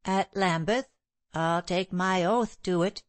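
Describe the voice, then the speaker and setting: A woman voicing a stubborn, indignant London landlady in an audiobook, insistent and sharp-tongued. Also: fairly low pitch, slow, no echo.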